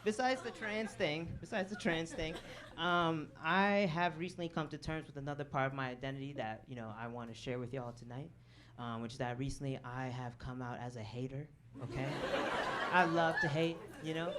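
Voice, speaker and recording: On a handheld stage mic at a comedy club, a woman with a low, slightly bright voice does stand-up at normal speed. She talks with the crowd, throws in "right?" and "okay?" asides, and often laughs at her own lines, with audience laughter and a little hiss or hum in the background.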